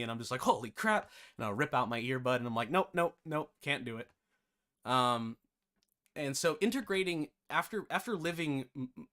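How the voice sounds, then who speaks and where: A man who hosts a game development tutorial, telling a casual, animated story with chatty asides. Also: medium pitch.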